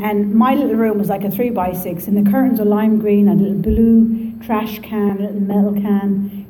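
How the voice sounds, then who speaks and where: A woman with an Irish Midlands accent telling her story at a recovery meeting, lively and joking. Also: mid-range voice, reverberant, a little hiss or hum, low-quality recording. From Ireland. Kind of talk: personal testimony to an audience.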